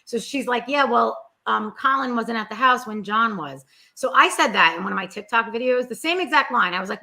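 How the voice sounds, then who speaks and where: A woman in casual chat, animated and exasperated, often mimicking the people she complains about. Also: on the high side, fairly quick, creaky, few pauses. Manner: animated, exasperated, quotes people in mocking voices.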